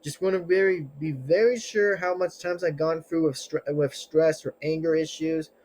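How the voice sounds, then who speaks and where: A man with a high-pitched voice rants casually to his viewers. He sounds agitated and defensive, and his sentences ramble and loop back with fillers and restarts. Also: steady tone, moderate pace, darkish tone, rough recording. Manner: rambling, restarts, many fillers and tangled phrasing. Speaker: channel owner. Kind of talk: casual vlog rant to camera.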